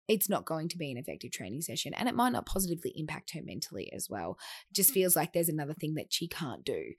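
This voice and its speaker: A woman in her thirties, a fat-loss coach and podcast host, talking through a casual monologue in a chatty, animated way that acts out quoted remarks. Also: sits low.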